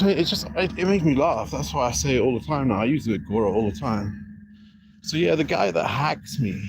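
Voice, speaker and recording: A man talks to his livestream from outside an apartment block, his voice caught on a handheld phone. He rambles in a mid-pitched voice, circling back to repeat the same points insistently and restarting his sentences. A faint hiss of street ambience sits behind him. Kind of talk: casual livestream chat. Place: outdoors beside an apartment building.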